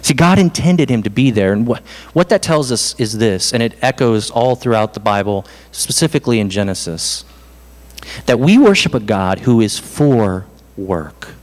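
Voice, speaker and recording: A man preaching a sermon as pastor, in an animated, conversational way with self-deprecating asides. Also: medium pitch, normal speed. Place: church hall. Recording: reverberant hall.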